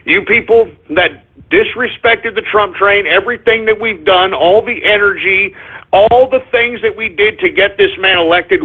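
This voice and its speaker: A radio host man rants in a combative monologue, his voice high and husky. He keeps cutting in with loud shouted bursts. The sound is thin and narrow, like a phone line. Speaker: radio talk show host. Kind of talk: political talk radio monologue.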